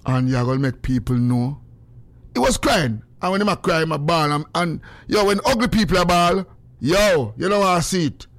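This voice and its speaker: A man hosting a show, telling stories in a lively, laughing way and quoting himself and others. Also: fairly high pitch, moderate pace, no room sound. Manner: animated, laughs often, quotes himself. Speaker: show host. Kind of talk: casual storytelling chat.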